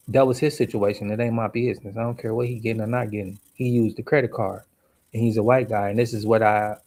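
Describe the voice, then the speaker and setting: On a livestream, a man tells a story as an angry, profane rant, hitting his words hard and emphatically. His middle-pitched voice has a rough, gravelly edge.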